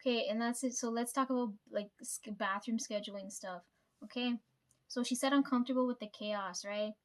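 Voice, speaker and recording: A woman's voice: a little high, steady tone, normal speed. A young woman vlogging casually to her viewers, venting about family with lots of swearing and "right?" tags. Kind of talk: casual personal vlog.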